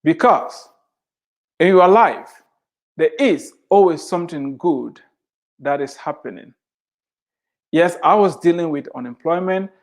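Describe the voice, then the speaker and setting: Middle-aged guy preaching slow and deliberate, kinda high voice, leans hard on key words. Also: animated. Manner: slow, emphatic preaching with drawn-out phrases; repeats scripture lines for emphasis. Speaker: Christian author and speaker. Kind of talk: devotional sermon.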